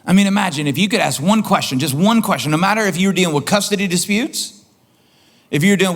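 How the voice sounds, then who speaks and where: Impassioned male pastor preaching. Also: fast. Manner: impassioned, repeats phrases, rises in pitch for emphasis. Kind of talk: sermon. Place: church auditorium.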